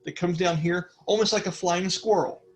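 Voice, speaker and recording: A man's voice: high voice, normal speed. A man narrating a tabletop game as game master, rambling with many fillers.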